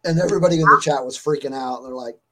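A man's voice: mid-range voice, very fast, pushed and bright, slight background noise, poor audio. A man hosting a stream, telling a story in a rambling, chatty way full of fillers while still getting over a fever. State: recovering from a fever. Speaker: stream host. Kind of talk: casual chat.

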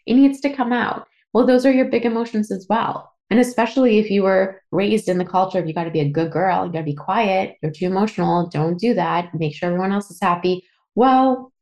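A woman's voice: mid-range voice, a little mellow. A woman hosting a solo podcast, talking candidly and emotionally, swearing casually, a little teary. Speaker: podcast host. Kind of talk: personal solo podcast monologue.

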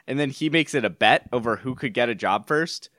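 A man's voice: mid-range voice, lively intonation, brisk, fairly bright tone, no echo, clean studio sound. A man hosting a casual film discussion, talking loosely with lots of "like" fillers. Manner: chatty, loose, many "like" fillers.

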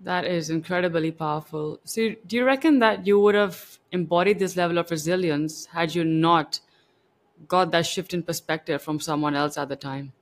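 Guy hosting a podcast, kinda high voice, quick reactions, asks thoughtful questions. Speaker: podcast host. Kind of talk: interview hosting.

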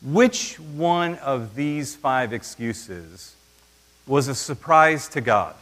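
A man preaching a sermon in an animated way, acting out the voices he quotes. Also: medium pitch, extremely slow, in a large hall. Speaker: pastor.

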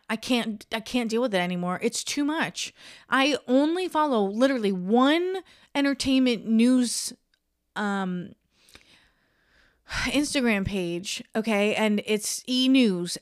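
Chatty opinionated young woman, smooth voice. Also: on the high side, no room sound, clean studio sound. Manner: chatty, opinionated, ranting gossip. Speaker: podcast host. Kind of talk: casual solo podcast chat.

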